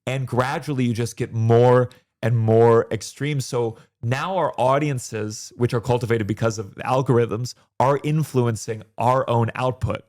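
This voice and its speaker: A comedian chatting casually as a guest, animated and quick, with sudden rises in pitch when he makes a point. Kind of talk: casual conversation.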